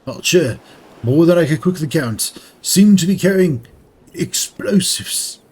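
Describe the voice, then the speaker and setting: A wounded young soldier, panicked and short of breath, as a man puts him on. He blurts out warnings in a high, strained voice pushed well above a normal speaking voice. Every line comes out urgent and clipped. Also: animated, unhurried, a little mellow, breathy edge. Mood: shaken.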